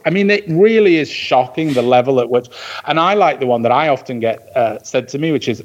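A man's voice: medium pitch, animated, a little fast, dull audio. A man from the Manchester area with a northern English accent, a podcast guest chatting in a theatrical way. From England (Manchester area). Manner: theatrical, mimics accents when quoting. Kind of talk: casual interview chat.

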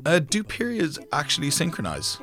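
Animated man co-hosting a podcast. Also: fairly high pitch, moderate pace, soft background music. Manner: playful, jokey, animated. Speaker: podcast co-host. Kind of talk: casual podcast chat.

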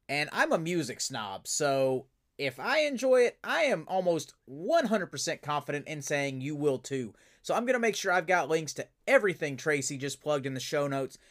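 A man hosting a podcast, an enthusiastic and animated storyteller chatting casually. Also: a little high. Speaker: podcast host and voice actor. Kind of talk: casual interview chat.

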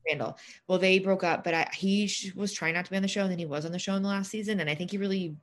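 A woman's voice: medium pitch, fairly even intonation, racing. A woman co-hosting a casual gossip chat, rambling and chatty as she talks. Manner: chatty, rambling, many fillers and restarts. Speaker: podcast co-host.

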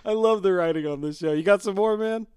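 A man's voice: high-pitched, quick pace, darkish tone, clear, resonant tone, no room sound. A man co-hosting a casual podcast chat, retelling TV scenes with frequent laughter. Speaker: podcast co-host. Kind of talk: casual chat about a TV show.

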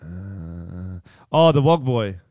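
A man's voice: low-pitched, big pitch swings, drawn-out words, darkish tone, no echo. A young Australian man co-hosting a podcast, bantering playfully in casual chat. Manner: playful, banter, guessing jokes. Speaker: podcast co-host.

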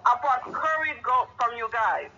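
A man's voice: extremely high pitch, animated, normal speed, sharp tone, dull audio, a little hiss or hum. A man calling in, earnest and bewildered. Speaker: caller.

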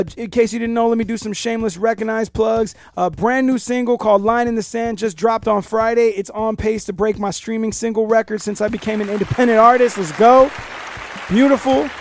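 A man's voice: sits high, creaky, dry recording. A man hosting a podcast in a loose, laid-back, profane way. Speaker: podcast host. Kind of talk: casual chat.

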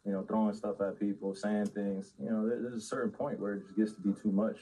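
A man speaking at a post-game press conference, measured and hesitant with many fillers. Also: lowish voice, flat delivery, warm tone, slight background noise, low-quality recording. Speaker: professional athlete at press conference.

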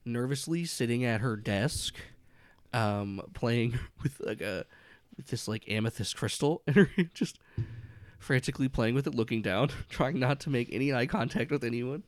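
A man's voice: medium pitch, moderate pace, no room sound. A man running a tabletop horror game as game master, narrating casually with lots of fillers and frequent laughs. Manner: rambling, laughs often, many fillers.

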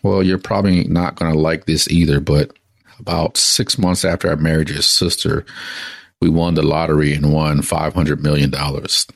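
A man's voice: rumbling low, steady tone, moderate pace, creaky, dry recording, exaggerated voice. A man voicing a sheepish husband who hesitantly confesses to his late wife in a sermon joke. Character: sheepish widower newly arrived in heaven.

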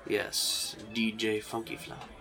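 A man playing a smooth, mysterious bartender in a tux who speaks slowly and quietly in a tabletop role-play. His voice is bright and slightly low, with faint music behind it. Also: monotone, some chatter behind. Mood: suave.

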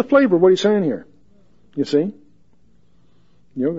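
A man's voice: a little high, very animated, brisk, long pauses, darkish tone, dull audio. A man giving a verse-by-verse Bible teaching in a folksy, joking way, reading scripture aloud with rising emphasis.

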